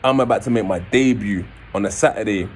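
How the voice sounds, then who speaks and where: A man, telling a personal story and acting out quoted voices in a raised pitch. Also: brisk, soft background music. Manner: animated, acts out quotes in a raised voice.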